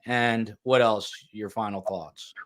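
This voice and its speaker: A man's voice: on the low side, fairly even intonation, slow, a bit bright. Chatty man hosting a podcast. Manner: chatty, self-deprecating, reads viewer comments. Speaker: podcast host. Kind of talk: casual podcast talk.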